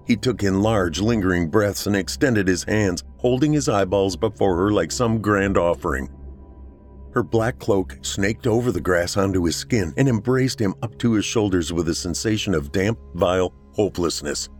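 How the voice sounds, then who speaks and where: A man hosting a podcast, reading a horror story aloud in a measured, dramatic way. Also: sits low, faint music behind. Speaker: podcast host and narrator. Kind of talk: scripted horror story narration.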